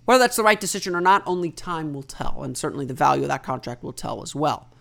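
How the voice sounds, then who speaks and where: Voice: medium pitch, fast talker, creaky, fairly bright tone. Solo basketball analyst explaining trades. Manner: explanatory, thinking aloud, stresses opinions firmly. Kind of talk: solo sports commentary.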